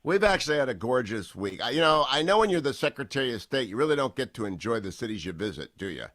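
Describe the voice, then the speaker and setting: A man's voice: mid-range voice, sing-song, a bit bright, no echo. Radio host man with dry close sound. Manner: brisk, plugs guests and introduces segments. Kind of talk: radio talk show hosting. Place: remote broadcast from abroad.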